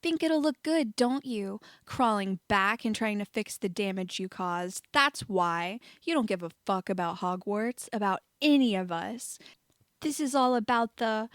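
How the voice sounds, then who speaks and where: A woman reading a hot-headed young man's lines in a fan-fiction audiobook, shouting in raw outbursts. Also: mid-range voice, animated, measured pace, no room sound, studio quality, natural voice. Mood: furious. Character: angry hot-headed young man, loud, blunt.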